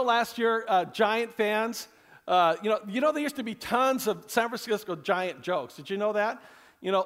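A pastor with a high, slightly bright voice preaches a casual, conversational sermon to his congregation. He's folksy and rambling, full of asides and jokes, and leans on "you know" a lot.

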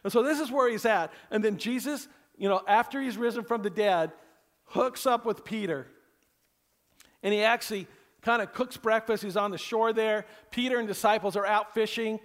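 A man's voice: sits high, moderate pace, fairly bright tone. A man preaching a casual, conversational sermon to a congregation, rambling and folksy, full of asides and jokes. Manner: folksy, rambling, leans on "you know", cracks jokes. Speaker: pastor.

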